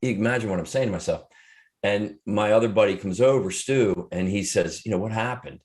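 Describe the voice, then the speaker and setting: Middle-aged guy with a low voice, earnest and reflective, lots of restarts, interview chat. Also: fairly quick, darkish tone. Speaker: guest speaker and author. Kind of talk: interview storytelling.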